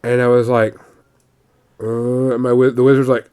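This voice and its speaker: A man's voice: medium pitch, flat delivery, a little slow, warm tone, smooth. A man co-hosting a podcast, casually telling a rambling story about tabletop gaming, repeating himself and swearing now and then. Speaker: podcast co-host.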